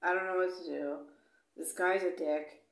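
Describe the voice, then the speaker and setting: Low gravelly woman in an echoey room. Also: fairly even intonation, moderate pace. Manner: blunt, swears freely, lots of "like" and "you know"; acts out dialogue when retelling. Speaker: vlogger. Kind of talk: casual travel storytelling.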